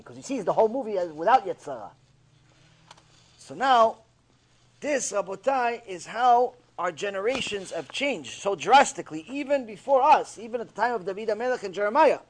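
A man with a high voice teaches a mussar lesson on Torah ethics at a moderate pace, pausing often. He's an animated storyteller who cracks jokes and acts out characters as he goes.

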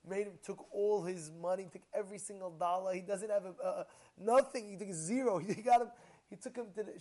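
A male rabbi giving a storytelling sermon, animated, acting out the people he quotes with sudden shouts and then dropping to a low murmur. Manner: drops to a low murmur between outbursts.

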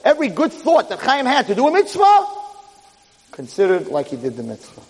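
A male rabbi tells a dramatic story in a sermon, his voice high and swinging widely in pitch. The recording carries the long echo of a large hall. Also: wildly swooping pitch, brisk. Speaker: rabbi lecturer.

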